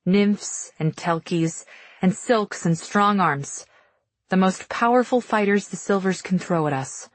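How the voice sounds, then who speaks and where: Woman audiobook narrator, first person, urgent delivery, husky voice, dry booth sound. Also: mid-range voice, measured pace, no echo.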